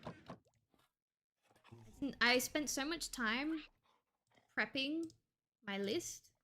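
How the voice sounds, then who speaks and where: Bright-voiced woman streamer chatting casually. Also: sits high, lively intonation, takes it slowly, a little hiss or hum. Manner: chatty, thinks aloud, casual swearing. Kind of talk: casual gameplay stream chat.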